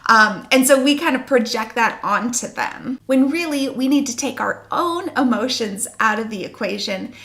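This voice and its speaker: A woman's voice: fairly high pitch, lively intonation, normal speed, hardly any pauses, a bit bright. A young adult woman working as a sleep consultant, giving earnest, reassuring parenting advice to camera. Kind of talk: talking-head advice video.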